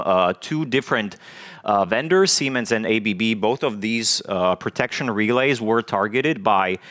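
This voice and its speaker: A man giving a technical talk at a conference, in a medium-pitched voice. His delivery is halting, full of fillers and repeated words as he works through each point. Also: fairly bright tone. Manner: halting, many fillers and restarts. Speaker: conference speaker. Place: conference stage.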